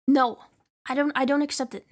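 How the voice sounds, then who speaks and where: A woman's voice: sits high, brisk. A young woman streamer in casual chat, ranting with lots of swearing and laughter. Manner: profane, animated ranting with frequent laughs.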